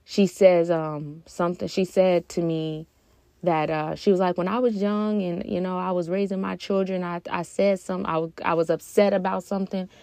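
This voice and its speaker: A woman's voice: lowish voice, little pitch movement, moderate pace, creaky, mellow, dry recording. A young woman hosting a podcast, speaking earnestly and from the heart in a reflective personal talk, with hesitant fillers along the way. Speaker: podcast host.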